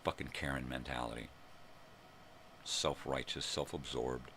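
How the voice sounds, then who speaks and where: An older man hosting his own daily vlog, ranting angrily and swearing, with bursts of shouting. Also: rumbling low, steady tone, a little slow, vocal fry, slight background noise. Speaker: vlog host. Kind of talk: angry profane rant.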